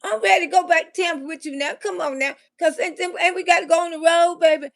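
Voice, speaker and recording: A man's voice: very high-pitched, steady tone, fast, creaky, fairly bright tone, exaggerated voice. A woman voicing a cheating boyfriend caught out, who pleads and sweet-talks, calling her baby. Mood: pleading.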